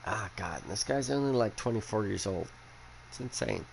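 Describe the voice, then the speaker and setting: Low, gravelly young guy rambling. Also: expressive, moderate pace, a little hiss or hum. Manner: rambling, profane, blunt. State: has been drinking. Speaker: podcast host. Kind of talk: casual chat.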